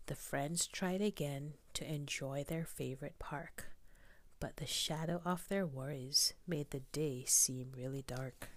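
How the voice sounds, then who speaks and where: A woman reading a children's picture book aloud, soft and often whispered, asking the listener questions. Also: low-pitched, slow, no echo. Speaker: storybook reader.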